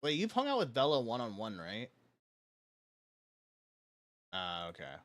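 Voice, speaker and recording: A man's voice: medium pitch, wildly swooping pitch, a little slow, a bit bright, dry recording. A young man streaming live, talking in a loose, rambling way with lots of fillers and frequent laughter. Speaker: livestreamer. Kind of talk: casual chat on a live stream.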